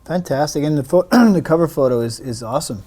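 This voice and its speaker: A man's voice: on the high side, expressive, brisk, mellow. A man hosting a podcast, chiming in with short, encouraging replies in a casual interview. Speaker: podcast host.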